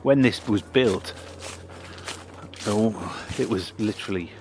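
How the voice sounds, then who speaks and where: A man talks through a cemetery walk in a casual, unscripted way. His voice sits fairly low, and he sounds a little out of breath. A faint hiss of outdoor air runs underneath. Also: a little mellow. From North East England. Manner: reads old headstone inscriptions with pauses and restarts. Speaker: local history vlogger. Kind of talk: casual walking tour commentary.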